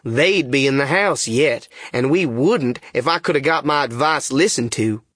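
A man voicing a sly male swindler called the duke, speaking in a slow, wry drawl in an audiobook reading. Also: mid-range voice, lively intonation, a bit bright, slightly rough, dry recording, studio quality. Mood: sardonic. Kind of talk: audiobook character voice.

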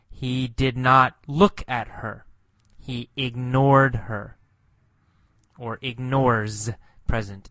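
A man teaching English slowly and patiently, repeating words and explaining what they mean. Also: mid-range voice, pushed and bright, no echo.

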